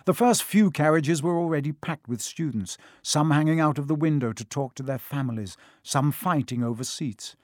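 A man reading a novel aloud as an audiobook narrator, in a measured storytelling manner. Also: a little high, darkish tone, no room sound, studio quality. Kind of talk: scripted narration.

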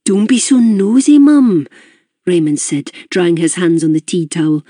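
A woman's voice: lowish voice, expressive, unhurried, mellow, breathy edge, no room sound, studio quality. A woman voicing a teasing, easygoing grown son. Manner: teasing, reassuring.

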